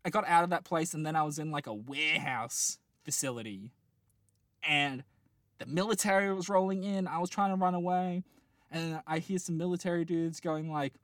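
A man's voice: fairly high pitch, normal speed, fairly bright tone, no room sound, clean studio sound. A man in his late twenties chatting casually, telling a long rambling dream with lots of laughter and restarts. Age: late 20s. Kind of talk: casual chat, dream storytelling.

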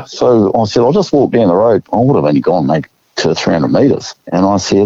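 A man's voice: fairly low pitch, moderate pace, mellow, no room sound, lo-fi sound. Laid-back Australian man spinning a yarn. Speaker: guest. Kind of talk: casual storytelling.

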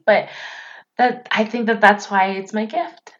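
A woman's voice: mid-range voice, steady tone, a little slow, muffled recording. A woman hosting a motivational podcast as a coach. She talks straight to her listeners and repeats phrases for emphasis. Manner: warm, encouraging, speaks to listeners directly.

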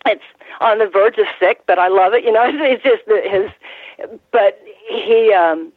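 An older woman, a former ring announcer, telling stories in an interview, halting with many restarts and fillers. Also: medium pitch, husky, dry recording. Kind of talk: casual interview storytelling. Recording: tinny phone-line sound, dry.

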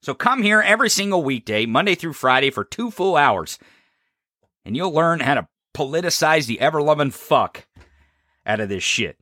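A man's voice: a little high, very animated, moderate pace, pushed and bright, no echo, clean studio sound. A man hosting a political talk show, delivering a fiery, profane, combative rant. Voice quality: heavy swearing, fiery and combative.

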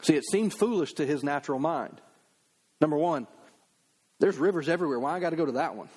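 A middle-aged man, a pastor preaching a sermon in a conversational, animated way, slipping into quick acted asides. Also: on the high side, slightly rough.

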